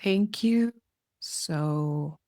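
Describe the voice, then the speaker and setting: A woman hosting a podcast who answers her guest in a reflective, thoughtful way. Her voice is low and mellow. The sound is dry and close to the mic. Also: drawn-out words, no echo. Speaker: podcast host. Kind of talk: reflective interview talk.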